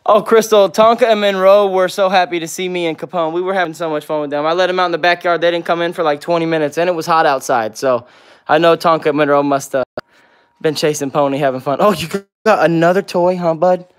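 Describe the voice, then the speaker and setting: A man's voice: on the high side, fairly even intonation, quick pace, clear, resonant tone. A man hosting a casual livestream with viewers, answering comments one by one and cooing baby talk at his pets. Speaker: pet vlog host.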